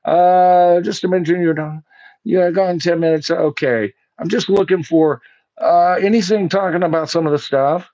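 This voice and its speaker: A man's voice: high-pitched, fairly even intonation, moderate pace, dark tone, dull audio. A man hosting a livestream. He rants bluntly and profanely and speaks to his viewers as "folks.". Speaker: host of a livestream show. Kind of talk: livestream commentary rant.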